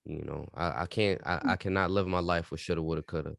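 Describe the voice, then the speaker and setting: A man's voice: deep voice, fast, vocal fry, no echo, clean studio sound. A man co-hosting a podcast, telling stories in a casual, emphatic and profane way. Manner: animated storytelling, emphatic and profane. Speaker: podcast co-host. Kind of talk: casual chat.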